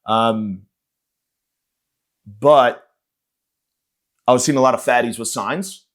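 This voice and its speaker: Brief: male comic podcast host, average pitch, rambling profane sarcastic monologue. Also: slow. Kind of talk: ranting comedic monologue.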